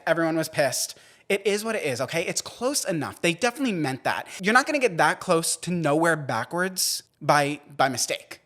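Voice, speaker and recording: A young man hosting a solo podcast, talking in an animated, gossipy way with dramatic outbursts. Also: a little high. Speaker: podcast host.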